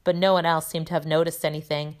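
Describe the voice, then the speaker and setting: A woman teacher reading a children's novel aloud, telling it in a lively way with voices for the characters. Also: deep voice, quick pace.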